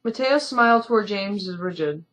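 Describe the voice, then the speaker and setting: A woman's voice: mid-range voice, expressive, normal speed, fairly bright tone, low-quality recording. A tired woman streamer reading a story game aloud, with chatty asides and frequent self-corrections.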